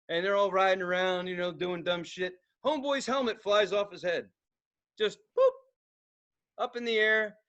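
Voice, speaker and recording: High, bright-voiced man telling profane stories. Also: lo-fi sound. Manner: profane, animated storytelling with acted-out outbursts and laughter. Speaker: podcast co-host. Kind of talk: casual storytelling chat.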